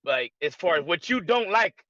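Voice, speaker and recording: A man with a high, bright voice asks a panel guest questions, working his way slowly to the point. The recording sounds dull and lo-fi, with no room echo at all. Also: animated. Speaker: podcast panelist. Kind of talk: casual chat.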